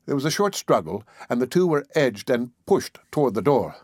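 A man narrating an audiobook in an expressive, varied reading. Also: medium pitch, a little fast, hardly any pauses, slightly rough, no echo, clean studio sound.

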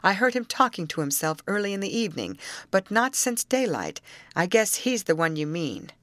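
A man's voice: high voice, big pitch swings, normal speed, no echo, voice pushed up. A woman reader voicing a tired young man just freed from a night locked in a shack. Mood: weary. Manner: calling out loudly, then quiet and plain. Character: weary young male prisoner.

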